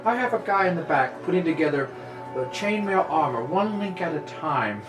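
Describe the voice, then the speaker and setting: A man's voice: on the high side, expressive, close to an everyday voice. A man, as game master, voicing a fussy male craftsman shopkeeper who halts and muses with fillers. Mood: businesslike. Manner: drawn-out musing, halting with fillers. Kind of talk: voicing characters in a tabletop game. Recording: echoey room with music behind.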